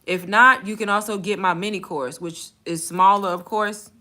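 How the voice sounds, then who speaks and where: A young woman speaking straight to her audience in a casual storytime vlog. Her voice is bright and forceful, and her delivery is candid, blunt and full of slang. She breaks into laughter often as she talks. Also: mid-range voice, moderate pace. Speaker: content creator and bank call center agent.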